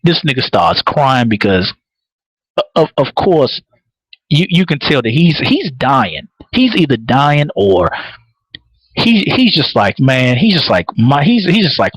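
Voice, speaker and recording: A man's voice: medium pitch, unhurried, slightly rough, no echo, low-quality recording. A man hosting a live podcast, recapping a TV episode in casual, profane storytelling, repeating words as he builds each point. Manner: animated, repeats words while building a point, laughs often.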